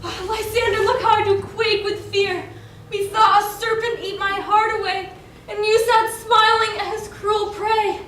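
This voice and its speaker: A woman as a gentle, very high-voiced maiden. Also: little pitch movement, unhurried, a little hiss or hum. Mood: frightened. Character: Hermia, gentle modest young woman. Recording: echoey, from far off.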